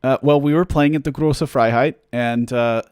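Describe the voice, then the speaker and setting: A man with a medium-pitched, darkish voice that is clear and resonant speaks at a steady, moderate pace in clean studio sound, with no room echo. He's chatting casually on a livestream, rambling through fan questions with plenty of fillers and self-deprecating jokes.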